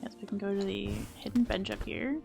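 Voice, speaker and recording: While streaming a video game live, a woman chats casually in a steady, medium-pitched voice that's fairly quick, creaky and a little mellow. She jokes about her own mistakes, swears now and then and drifts into playful baby talk, with soft music playing behind her.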